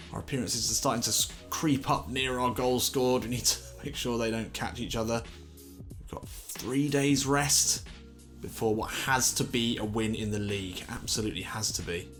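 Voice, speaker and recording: A young man commentating his own football video game, getting excited and swearing when things go wrong. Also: on the low side. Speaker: gaming commentator. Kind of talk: let's play commentary.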